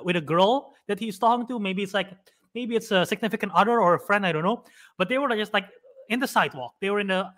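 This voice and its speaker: Young male podcast co-host, high and bright, rambling casual retelling. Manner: rambling, retells scenes with quick acted-out quotes. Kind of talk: casual chat.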